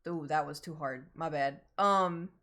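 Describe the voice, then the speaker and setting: A woman's voice: deep voice, a little slow, a bit bright. A young woman with a slight Southern American accent, streaming games and chatting casually, fretting over how she pronounces words. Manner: chatty, self-conscious about her pronunciation. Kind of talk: casual gaming stream chat.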